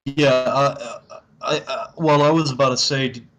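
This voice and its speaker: A man's voice: mid-range voice, fairly even intonation, moderate pace, a bit bright. A man playing a tabletop game from home, talking casually and eagerly, thinking aloud with many fillers. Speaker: player.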